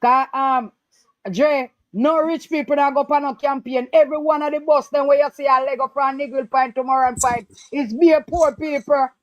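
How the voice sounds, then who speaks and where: A woman's voice: sits high, steady tone, normal speed, no echo, lo-fi sound. A woman with a Jamaican Patois accent, calling in to talk politics, emphatic and repeating her points. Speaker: caller. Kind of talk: impassioned political call-in talk.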